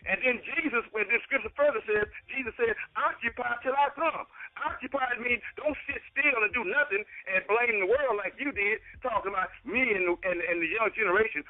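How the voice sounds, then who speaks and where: An older man with a high voice argues with fervent, sermon-like conviction. He keeps calling his opponent "brother." His voice comes through a thin, narrow phone-like line. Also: brisk. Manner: preachy, fervent, keeps saying "brother" and "okay". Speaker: debater. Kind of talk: heated online debate.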